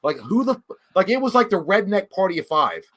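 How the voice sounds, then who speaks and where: A man co-hosting a podcast, telling a rowdy story in a profane, animated way and acting out what people said. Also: high-pitched, brisk. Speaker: podcast co-host. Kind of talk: casual storytelling chat.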